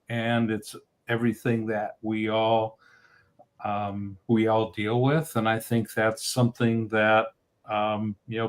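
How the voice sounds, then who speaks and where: A man on a podcast as a guest, reflecting in a casual chat, hesitant with many fillers. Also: on the low side.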